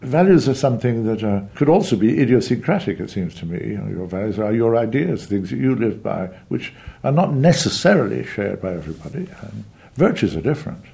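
A male cardinal giving deliberate, thoughtful answers in an interview. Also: lowish voice, very animated, vocal fry, mellow. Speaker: cardinal, church leader.

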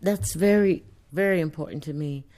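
A woman author answering audience questions in a reflective, thoughtful way, pausing as she searches for words. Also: low voice, darkish tone. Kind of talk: reflective studio talk.

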